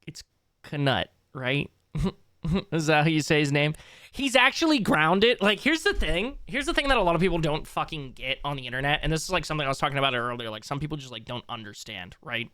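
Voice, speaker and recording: A man's voice: on the high side, a bit bright, clear, resonant tone, no echo, clean studio sound. A man live-streaming, rambling and swearing as he reacts to a clip and talks to his chat. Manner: rambling, profane, jumps between clip and chat. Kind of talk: casual live-stream commentary.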